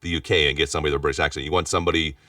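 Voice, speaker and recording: A man with a very deep voice talks quickly, tumbling through restarts and repeated words. He sits back from the microphone, so he sounds distant, though the sound stays dry and free of room echo. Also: flat delivery, pushed and bright. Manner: rapid talker with frequent restarts and repeated words. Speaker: interview guest, voice actor and studio owner. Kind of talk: casual conversational interview.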